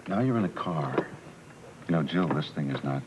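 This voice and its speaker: An actor playing a blunt private investigator who fires impatient, probing questions, in 1980s soap opera acting. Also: male voice, a bass voice, expressive, normal speed, noisy background. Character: blunt male private investigator, pushy interrogator.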